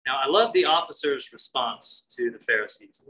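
A man's voice: medium pitch, lively intonation, normal speed, few pauses, sharp tone, poor audio. A man preaching a sermon, reading scripture and acting out its voices with conversational asides. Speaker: pastor.

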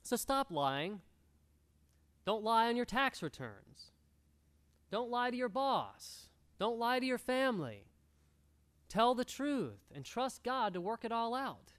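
Lively high-pitched preaching pastor. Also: male voice. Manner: earnest, exhorting, repeats key phrases. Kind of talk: sermon. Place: church room.

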